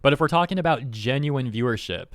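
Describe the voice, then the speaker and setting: A man's voice: mid-range voice, expressive, a bit bright, no echo, clean studio sound. A man giving casual, skeptical commentary as a YouTube host, reading posts aloud and picking them apart. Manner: skeptical, wry, quick commentary.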